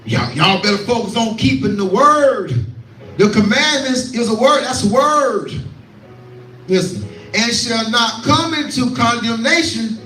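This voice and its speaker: High-pitched preacher in an echoey room. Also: male voice, lively intonation, measured pace, pushed and bright, recorded from a distance, soft background music. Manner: call-and-response preaching, repeats lines, quotes scripture. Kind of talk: scripture teaching sermon.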